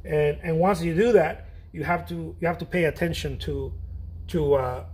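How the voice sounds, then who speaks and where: At a normal pace and a steady tone, a middle-aged man with a fairly high, slightly mellow voice chats casually while painting for an art-chat stream, with slight background noise. He rambles, makes self-deprecating jokes, laughs frequently, and drifts off mid-thought before picking back up.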